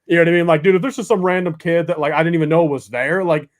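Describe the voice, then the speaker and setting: A man's voice: a little high, steady tone, racing. A man in casual podcast chat, rambling in a laid-back, slangy way.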